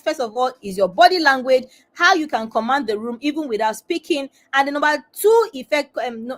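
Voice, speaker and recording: A woman hosting a live webinar as a confidence coach, talking straight to her viewers and repeating phrases for emphasis. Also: on the high side.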